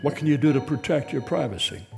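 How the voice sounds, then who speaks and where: A male radio host reading a comic mock commercial with wry, rapid-fire rhetorical questions. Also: a little high, animated, gravelly, in a large hall, music in the background.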